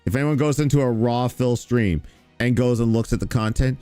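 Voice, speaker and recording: A male streamer commentary host reacts to stream clips in a sarcastic, mocking and profane way. His mid-range voice is smooth and dark-toned, his pace brisk, with faint music behind him.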